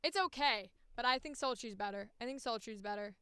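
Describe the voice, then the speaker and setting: A woman's voice: a little high, fast, a bit bright, clear, resonant tone, dry recording. A woman with a Midwestern accent, a voice actor chatting candidly and profanely on a livestream, close on a studio mic. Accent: Midwestern American. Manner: candid, profane, self-mocking. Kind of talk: casual livestream chat. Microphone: close studio microphone.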